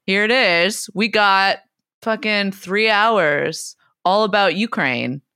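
A woman's voice: mid-range voice, slow pace, pushed and bright, clear, resonant tone, no echo, studio quality. A woman co-hosting a comedy podcast, brash and profane, teasing her co-host. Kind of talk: irreverent comedic podcast banter.

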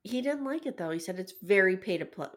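A woman co-hosting a podcast in casual chat, easygoing and quick to laugh. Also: medium pitch, lively intonation. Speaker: podcast co-host.

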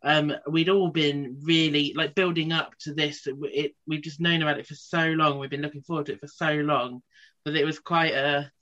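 A woman in casual chat, an animated storyteller who swears freely and laughs often. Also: low-pitched, moderate pace, dull audio.

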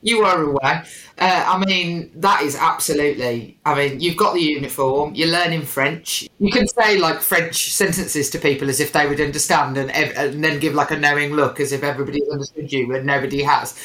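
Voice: medium pitch, a little fast, bright, forceful tone, echoey room. A podcast host, chatting casually in a wry, rambling way with plenty of fillers. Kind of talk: casual chat.

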